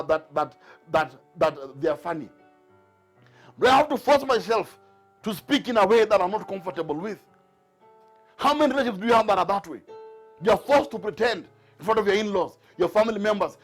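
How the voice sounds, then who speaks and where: A man preaching a sermon to a Bible class, driving his points home with repeated rhetorical questions. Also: high voice. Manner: emphatic, repetitive rhetorical questions.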